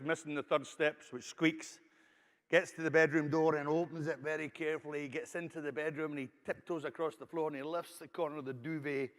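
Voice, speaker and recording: A man from Scotland with a Scottish accent giving a conference keynote, a chatty storyteller who warms up with a joke. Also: on the high side. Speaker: keynote speaker. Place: large conference hall. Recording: long hall reverb.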